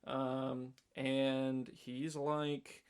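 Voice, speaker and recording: A man co-hosting a podcast, casually recapping a film in a rambling, animated way with lots of fillers. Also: mid-range voice, extremely slow, clean tone. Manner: rambling, animated storytelling with many fillers and acted-out quotes. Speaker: podcast co-host.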